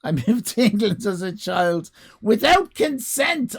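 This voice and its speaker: An Irish man live-streaming, reading out chat and ranting comically, swearing freely. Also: unhurried. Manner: animated comic ranting, swears freely, big pitch jumps.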